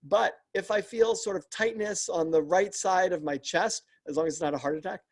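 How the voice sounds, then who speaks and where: A man's voice: high voice, brisk. A man, a leadership coach and podcast guest, explains his work earnestly and step by step, often restarting sentences. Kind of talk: explanatory interview talk.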